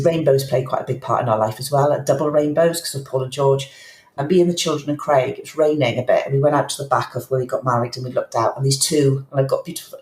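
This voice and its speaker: Speaking as a podcast guest, this middle-aged woman has a deep, slightly mellow voice. She recounts personal experiences in a frank, thoughtful, emotional way, frequently starting sentences over, with roomy echo on the recording.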